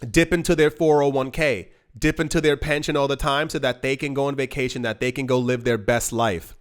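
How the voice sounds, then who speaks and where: A man hosting an investing channel, talking straight to camera in an emphatic, pleading way, with many restarts as he rambles. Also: a little high. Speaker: crypto investing channel host. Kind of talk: casual direct-to-camera monologue.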